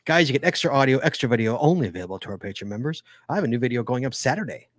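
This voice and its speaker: A man hosts a live podcast in a loose, joking, rambling way. His voice sits at an ordinary middle pitch. The sound is dry and close, with no room around it. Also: animated, rapid-fire, no echo. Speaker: podcast host. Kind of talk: casual live podcast chat.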